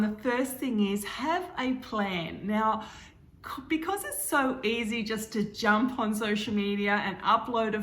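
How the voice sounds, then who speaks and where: Woman presenting social media tips. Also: medium pitch. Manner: clear explanatory delivery. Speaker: social media marketing trainer. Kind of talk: presentation to a live event audience. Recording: roomy echo.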